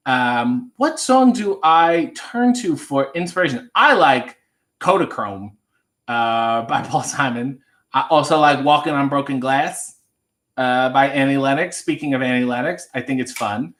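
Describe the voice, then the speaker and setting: A man's voice: mid-range voice, unhurried, a bit bright. A young man hosting a casual livestream, reading viewer requests and singing Christmas songs between loose, joking chat. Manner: sings Christmas songs, then chats loosely with swearing and asides.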